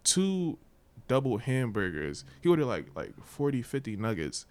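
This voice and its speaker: A man chatting casually with friends about basketball, telling a story in an animated, slangy, profane way. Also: medium pitch, moderate pace. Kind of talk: casual chat.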